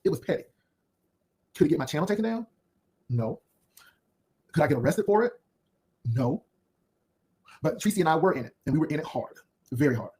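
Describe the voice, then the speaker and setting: A man with a notably high voice rattles off sassy, cutting commentary at a breakneck clip. He rambles from one put-down to the next as he hosts his own video. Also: a little mellow. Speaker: YouTube commentary host. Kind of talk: unscripted drama commentary.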